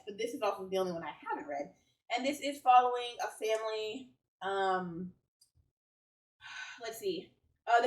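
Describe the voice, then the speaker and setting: A woman from the United States rambling enthusiastically to camera at home about books she wants to read. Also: mid-range voice. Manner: chatty, rambling, enthusiastic, self-correcting. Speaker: book vlogger. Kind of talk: casual chat to camera. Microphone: camera a little way off. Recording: roomy sound from a distant mic.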